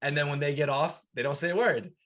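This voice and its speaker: A man hosting a podcast interview. He sounds earnest and encouraging, and his voice is a little high for a man. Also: fast, fairly bright tone. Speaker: podcast host. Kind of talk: interview questions and reflection.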